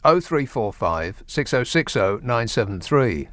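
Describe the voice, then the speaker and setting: A man's voice: medium pitch, big pitch swings, measured pace, fairly bright tone, no echo. A man hosting a late-night radio phone-in, trading wry, teasing banter with callers from a studio microphone.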